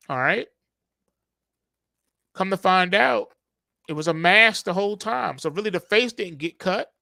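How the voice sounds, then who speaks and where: A man's voice: high-pitched, creaky, bright, forceful tone, no echo, studio quality. A man hosting a trading channel, giving casual market commentary through slangy, playful storytelling.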